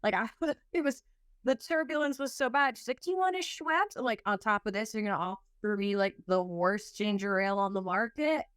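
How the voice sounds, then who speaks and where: A woman's voice: mid-range voice, moderate pace, a bit bright, smooth, dry recording, clean studio sound. A woman hosting a podcast in casual chat, telling a story with lots of laughter and acting out her own reactions. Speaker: podcast host.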